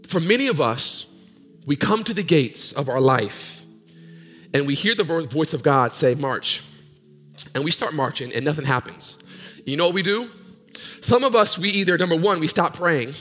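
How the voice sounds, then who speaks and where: Man preaching, high voice, long church hall reverb, faint organ music. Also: expressive, moderate pace. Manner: call-and-response preaching, swinging from loud sung peaks to low murmurs. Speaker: pastor. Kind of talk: sermon. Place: church sanctuary.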